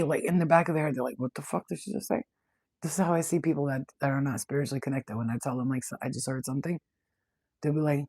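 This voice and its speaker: Woman, spiritual reader, casual chat, blunt, swears a lot, husky tone. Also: very deep voice, warm tone, no room sound. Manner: chatty, blunt, swears freely. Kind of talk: casual direct-to-camera chat.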